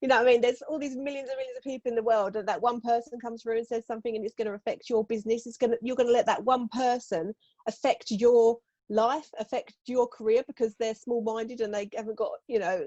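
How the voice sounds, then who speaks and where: A woman's voice: on the high side, darkish tone, dry recording, lo-fi sound. A woman talking casually as a podcast guest, blunt and chatty, laughing often and acting out what others say. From United Kingdom.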